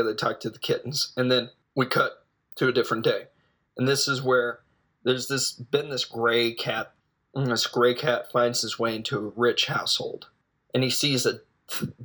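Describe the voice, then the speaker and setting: A man's voice: mid-range voice, pushed and bright. A man casually retelling a film's plot as a reviewer, rambling and hesitant, with jokes along the way. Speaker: film reviewer. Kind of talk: casual spoken film recap.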